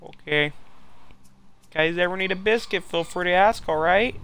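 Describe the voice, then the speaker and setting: A man's voice: sits high, normal speed, fairly bright tone, slight background noise, voice pushed up. A man voicing a meek, over-apologetic male neighbor who fawns and keeps saying sorry. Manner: fawning, sheepish apologies.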